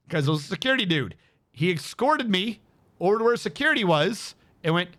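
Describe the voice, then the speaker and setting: Bright high-voiced male streamer. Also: fairly quick. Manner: animated, swears freely, acts out quotes. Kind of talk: casual live-stream storytelling.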